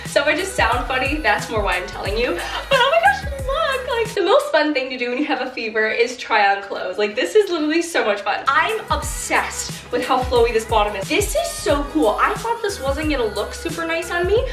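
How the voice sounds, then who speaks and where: A bubbly young woman chats through a clothing haul, her voice pitched high and bouncing all over the place. She gushes and piles on "like" and "literally", with music clearly playing behind her. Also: big pitch swings, fairly quick, few pauses. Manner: bubbly, gushing, says "like" and "literally" often. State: slight fever. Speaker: clothing YouTuber. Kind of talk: casual vlog unboxing and try-on.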